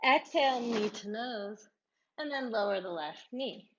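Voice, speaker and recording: Female yoga teacher, unhurried encouraging cues, slightly muffled recording. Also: on the high side, a little hiss or hum. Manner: calm, encouraging cueing with breathy laughs. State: out of breath at times. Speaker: yoga instructor. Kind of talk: guided yoga class cues.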